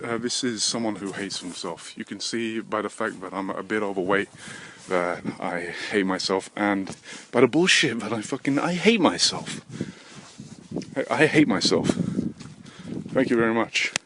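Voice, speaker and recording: Fairly low in pitch, fairly bright in tone, and moderate in pace, a young English vlogger rambles on while walking along a road in the wind. His walk-and-talk monologue, filmed on a handheld camera, is self-deprecating and full of swearing, with wind and passing traffic audible behind him.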